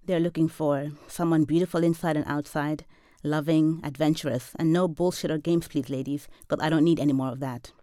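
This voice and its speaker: A woman in her forties from Zambia reading a first-person literary story in a measured, deadpan, wry way. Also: sits low, no echo, clean studio sound. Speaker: professor and storyteller.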